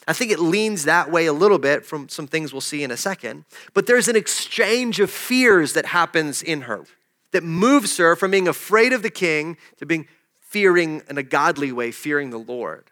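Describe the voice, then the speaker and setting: A pastor from a desert region preaches a sermon, telling a personal story conversationally and joking with the congregation. His voice is high with a sharp tone.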